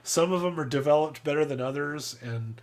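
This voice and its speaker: A man in casual podcast chat about films, riffing with profanity and animated tangents. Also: on the high side, a little fast.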